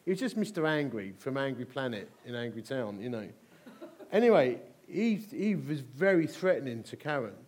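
In a mid-range voice at normal speed, a middle-aged man from England gives a storytelling sermon. He comes across as animated and funny, often repeating himself for emphasis.

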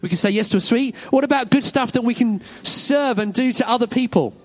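A man's voice: very high voice, brisk. A man leading a children's talk in a church service, upbeat and encouraging, praising every answer. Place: church hall with an audience.

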